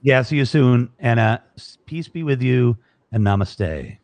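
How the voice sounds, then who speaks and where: A man with a gravelly, fry-edged voice hosts a live online talk show. He rambles through his sign-off, grateful and joking, close to a studio microphone in a dry, dead-sounding room. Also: medium pitch, lively intonation, measured pace, a little mellow, no echo. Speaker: show host. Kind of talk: casual live-stream sign-off chat.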